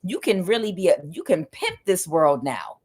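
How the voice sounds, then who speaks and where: A man's voice: sits high, huge pitch swings, normal speed, slightly rough, heavily acted. A woman voicing the devil as a male tempter, who coaxes and persuades with offers of power. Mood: coaxing. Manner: coaxing, persuasive.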